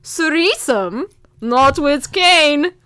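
A woman voicing a cheeky, teasing male hockey roommate in a mock Russian accent, with slow, deadpan one-liners. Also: sits high, no echo, clean studio sound, voice pushed up, full character voice.

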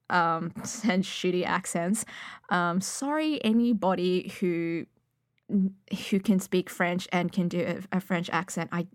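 A woman's voice: fairly low pitch, clear, resonant tone, no room sound, clean studio sound. A young adult woman chatting casually about recording a podfic, rambling and self-deprecating with lots of fillers. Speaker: podfic reader. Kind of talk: casual chat.

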